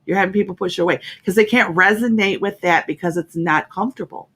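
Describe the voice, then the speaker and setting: A woman's voice: medium pitch, quick pace, fairly bright tone, breathy edge. Woman radio host, heartfelt motivational talk, emotional and emphatic delivery with lots of repetition. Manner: emotional, emphatic, repeats herself.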